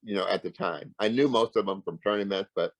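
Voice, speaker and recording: Older man, low voice, storytelling interview guest, acts out quoted dialogue, frequent restarts, dry recording. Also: fairly quick, no echo, poor audio. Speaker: interview guest, martial arts grand master. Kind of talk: casual storytelling.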